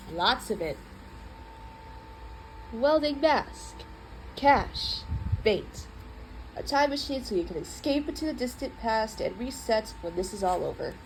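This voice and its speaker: A woman reading a children's book aloud in an expressive, playful way. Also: fairly high pitch, a little hiss or hum, rough recording. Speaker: storybook reader.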